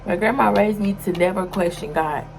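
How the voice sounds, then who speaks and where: A woman's voice: mid-range voice, moderate pace, vocal fry, darkish tone, slight background noise, low-quality recording. A young woman talking casually to her vlog audience in an emotional, sometimes tearful way, with many fillers. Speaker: vlogger.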